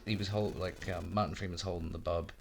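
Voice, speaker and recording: Man, very low voice, rambling casual podcast chat, laughs a lot, swears freely. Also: fairly even intonation, brisk, creaky, a little hiss or hum. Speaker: podcast co-host.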